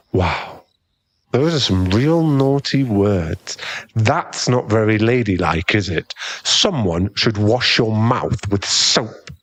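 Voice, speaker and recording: A man's voice: lowish voice, lively intonation, slow, no echo. A young man playing a cocky, smug rival in an ASMR boyfriend role-play, taunting and chuckling as he talks. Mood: condescending. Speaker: ASMR roleplay performer.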